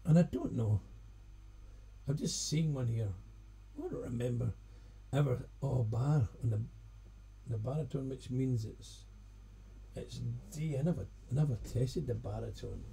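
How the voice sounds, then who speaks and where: A Scottish singer-songwriter chatting casually on a live stream between songs, rambling and self-deprecating. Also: male voice, mid-range voice, expressive, unhurried, gravelly, mellow, husky. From Scotland.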